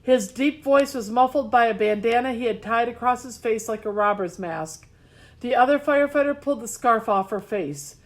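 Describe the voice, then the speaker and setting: A woman narrating a storybook in a measured, expressive reading style. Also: fairly high pitch. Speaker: audiobook narrator. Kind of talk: scripted narration.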